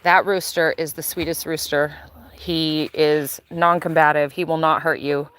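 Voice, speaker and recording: Chatty low-voiced woman touring her garden. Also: unhurried, clean tone. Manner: chatty and relaxed, with frequent fillers. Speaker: gardener showing her property. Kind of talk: casual live-stream chat. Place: outdoors in a backyard garden.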